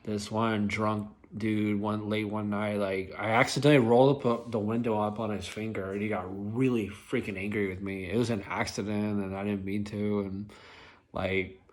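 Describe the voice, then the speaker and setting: A man's voice: on the low side, flat delivery, normal speed. A young adult man casually telling rideshare driver stories, rambling and filling nearly every phrase with "like". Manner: rambling, filler-heavy, lots of "like". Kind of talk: casual storytelling vlog.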